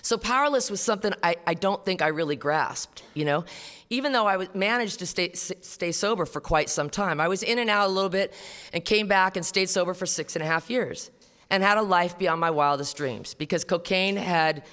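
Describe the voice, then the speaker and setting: A woman's voice: lowish voice, brisk, a bit bright. A woman giving a personal testimony at a recovery meeting, talking bluntly and profanely in a casual storytelling way. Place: meeting hall before an audience. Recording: reverberant live hall.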